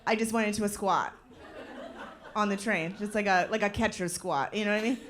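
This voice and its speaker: A woman comedian telling stories on stage, acting out characters with sudden high yells. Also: fairly quick. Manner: animated storytelling, acting out voices with loud high yelps. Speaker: stand-up comedian. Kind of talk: stand-up comedy set. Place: live comedy venue.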